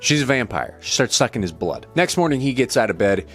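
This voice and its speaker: A man's voice: mid-range voice, very animated, fairly quick, a bit bright, slightly rough, soft background music. A man recapping a film as a casual movie reviewer, in a blunt, irreverent way with the odd swear word.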